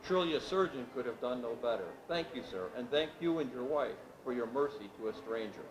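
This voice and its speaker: A man's voice: mid-range voice, lively intonation, fairly quick, natural voice. A man voicing a wounded young stranger in a read-aloud story, formal and courteous. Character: wounded young male stranger, polite, groggy. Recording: echoey room with background noise.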